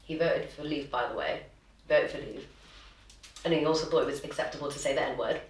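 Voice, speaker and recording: Low-voiced young woman chatting, distant. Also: a little fast. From Sri Lanka. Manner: animated, laughs while telling stories. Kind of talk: casual chat. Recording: roomy, distant mic.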